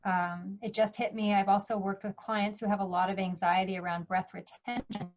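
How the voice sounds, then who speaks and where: A woman moderator reads out audience questions in a plain, measured way. Her voice sits at a middle pitch. The sound is dull and lo-fi. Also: little pitch movement, over music.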